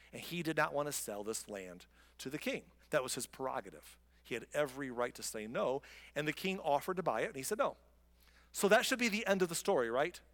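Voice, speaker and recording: Chatty male preacher in a reverberant hall. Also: on the high side. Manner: animated, chatty, with mocking voices for characters. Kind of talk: conversational Bible teaching.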